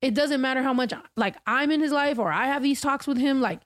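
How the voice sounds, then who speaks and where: Woman, 30s, casual podcast chat, high-pitched, dry, swears a lot, many fillers. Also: fairly quick, no echo. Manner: rambling, profane, many fillers. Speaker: podcast co-host.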